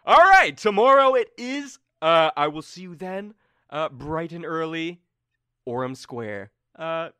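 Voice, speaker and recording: A man doing Turi, a breezy, slippery high-voiced schemer. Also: expressive, unhurried, pushed and bright, clean tone, no echo. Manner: high, bouncy, brushing people off. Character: slippery, breezy man in power, dodging questions.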